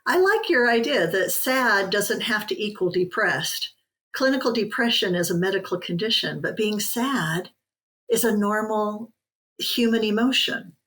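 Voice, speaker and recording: A woman's voice: medium pitch, lively intonation, measured pace, a bit bright, low-quality recording. A woman hosting a podcast interview, supportive and reflective, giving frequent brief affirmations. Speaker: podcast host. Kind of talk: interview conversation.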